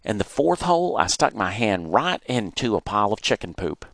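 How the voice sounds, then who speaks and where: Guy telling a childhood story, low voice that swings all over. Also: moderate pace, creaky, no echo, clean studio sound. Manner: animated, acts out the moments he retells. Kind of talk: reading a childhood memoir.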